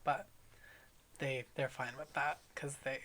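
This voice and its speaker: A podcast co-host chatting casually about a book, playful and irreverent, with quick jokes and swearing. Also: medium pitch, level tone, bright, forceful tone.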